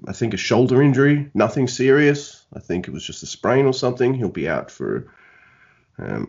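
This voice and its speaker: A man's voice: lowish voice, a little mellow, highs cut off. A man hosting a podcast in casual, rambling, self-deprecating chat. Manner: rambling, self-deprecating, many fillers and restarts. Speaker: podcast host.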